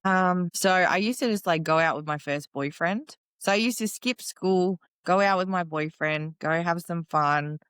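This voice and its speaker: A woman's voice: fairly low pitch, normal speed, few pauses, a bit bright, smooth, no echo. A young woman, a guest in an interview, talking plainly and casually about her life. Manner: plain-spoken, casual, lots of fillers.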